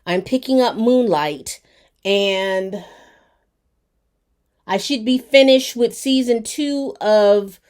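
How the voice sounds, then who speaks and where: Woman, slightly high voice, casual TV recap, chatty, talks to viewers. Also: slow, pauses often, a little mellow. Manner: chatty and colloquial, addressing viewers directly. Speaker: TV show reviewer. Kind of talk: casual episode recap and review.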